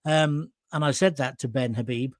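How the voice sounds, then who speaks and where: A man's voice: mid-range voice, normal speed, no echo, clean studio sound. A man hosting a live stream. He reads viewers' comments aloud and answers them in a blunt, emphatic, opinionated way, with some mild swearing, and he sounds hot and sweaty. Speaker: host of a live current-affairs stream.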